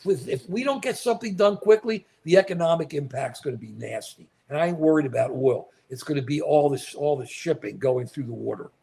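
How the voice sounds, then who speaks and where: A man's voice: fairly high pitch, animated, brisk, gravelly, few pauses, mellow. A man from the United States hosting a political talk show. He gives opinionated live commentary, reacts to viewer comments, and talks in an indignant, emphatic way, repeating himself.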